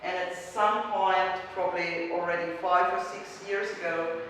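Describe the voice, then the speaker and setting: A woman's voice: on the low side, fairly even intonation, a little slow, fairly bright tone. A woman giving a workshop presentation and answering questions, talking hesitantly with many restarts, recorded from far off in a large echoing hall. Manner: hesitant, restarts often, searches for words. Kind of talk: conference presentation and Q&A. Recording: echoey hall from far off with noise.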